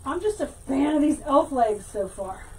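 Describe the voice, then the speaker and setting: A woman hosting a casual livestream craft tutorial, chatting with viewers and thinking out loud as she works. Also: high-pitched, big pitch swings, normal speed, a little hiss or hum, rough recording. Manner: chatty, reads viewer comments aloud, thinks out loud while working. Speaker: wreath-making teacher and livestream host.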